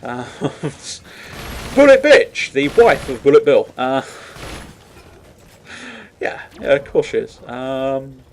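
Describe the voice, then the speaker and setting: A man's voice: medium pitch, steady tone, very slow, pauses often, a little mellow, slight background noise. A man giving casual, rambling commentary while playing a game, swearing freely and laughing at himself. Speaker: gaming commentator.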